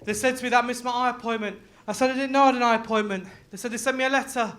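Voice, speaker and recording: High, bright-voiced young comedian from Leicester. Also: male voice, racing. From Leicester, England. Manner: loud, laughing, crude banter with the crowd. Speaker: stand-up comedian. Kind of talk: live stand-up set.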